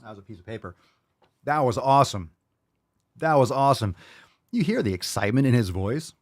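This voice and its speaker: A young man hosting a live call-in fitness show, answering questions casually with bursts of loud, swearing hype. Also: medium pitch, lively intonation, fast, dry recording, studio quality. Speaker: podcast host.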